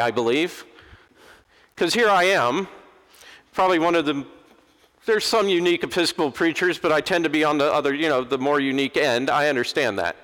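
A middle-aged man, an Episcopal preacher, giving a lively sermon and acting out the people he quotes. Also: on the high side. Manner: animated, acts out quoted voices. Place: large church. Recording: long church reverb.

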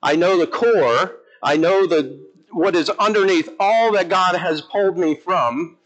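A male Episcopal priest preaching in church with a lively, emphatic delivery, his voice sitting a little higher than most men's. He swings between quiet asides and animated bursts. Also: a little slow, lo-fi sound. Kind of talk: sermon.

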